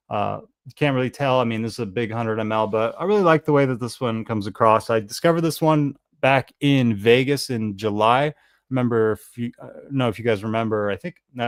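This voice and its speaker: Chatting on his fragrance channel's live stream, the American host rambles along and pokes fun at himself. His voice is smooth and medium-pitched, and the recording is dry.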